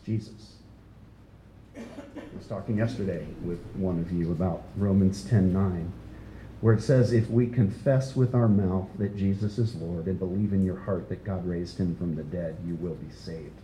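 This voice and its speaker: A man delivers an expository sermon in a mellow, warm tone, speaking conversationally and stressing key words. He often puts questions to the congregation. The sound is roomy, with a faint low rumble behind him. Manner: conversational, emphatic, asks the listeners questions. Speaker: pastor.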